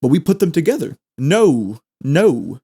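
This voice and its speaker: A young man, hosting a podcast and chatting casually through a language lesson, repeating phrases slowly as he explains. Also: fairly high pitch, very animated, creaky, warm tone, husky. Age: 20s. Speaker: podcast host.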